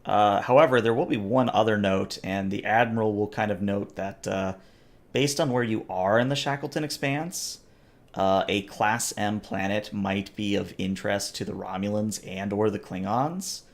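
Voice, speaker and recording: A man with a lowish, gravelly voice narrates a tabletop game as game master. He describes scenes hesitantly, filling his pauses with "uh". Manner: hesitant, lots of filler "uh".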